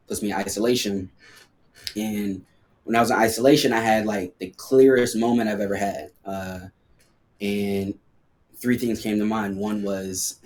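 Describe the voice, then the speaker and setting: A man's voice: fairly low pitch, steady tone, a little slow, darkish tone. A man guesting on a podcast, telling a personal story in a casual, slangy way full of fillers.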